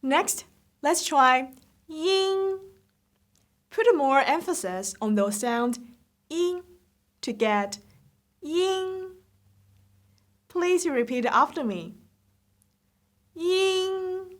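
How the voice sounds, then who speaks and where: A woman teaching Mandarin pronunciation, saying each syllable slowly and repeating it for the learner. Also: sits high, animated. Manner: slow, drilled repetitions of syllables. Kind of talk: slow pronunciation lesson.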